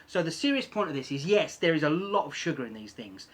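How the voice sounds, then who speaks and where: Male vlogger, chatty, husky, animated pitch, explains and repeats points. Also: quick pace. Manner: chatty, self-deprecating, repeats for emphasis. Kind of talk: casual explanatory vlog.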